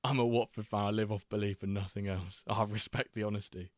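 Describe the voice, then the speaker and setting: A man's voice: lowish voice, fairly even intonation, brisk, no echo, clean studio sound. A man hosting a live watchalong stream, reading chat aloud and bantering with a jokey, laughing manner.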